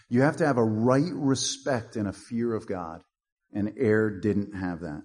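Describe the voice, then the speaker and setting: A man's voice: lowish voice, unhurried, darkish tone. A male pastor preaching a sermon in a blunt, punchy way, with mocking asides.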